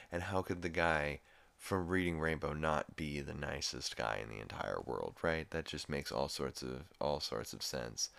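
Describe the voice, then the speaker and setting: Deep-voiced laid-back podcast guy. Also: a bit bright, clean tone, dry recording. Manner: rambling, laid-back, swearing casually. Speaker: podcast host. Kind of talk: casual episode recap.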